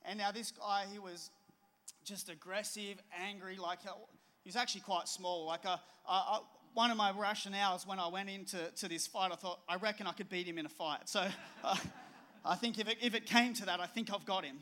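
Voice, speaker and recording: Middle-aged male pastor, lively storyteller, high and bright. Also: moderate pace. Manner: storytelling, animated and conversational. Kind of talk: sermon with personal story.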